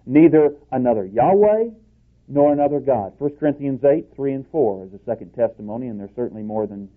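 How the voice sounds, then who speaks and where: A man preaching a sermon, emphatic, swinging from loud declarations to hushed asides. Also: mid-range voice, lively intonation, fairly quick. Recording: tinny phone-like recording.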